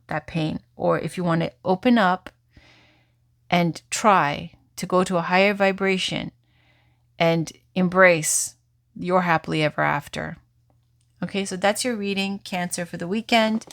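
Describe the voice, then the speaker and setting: Chatty woman reading tarot, lowish voice. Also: vocal fry, no room sound, studio quality. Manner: chatty, meandering, swears casually. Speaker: tarot reader. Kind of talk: casual tarot reading vlog.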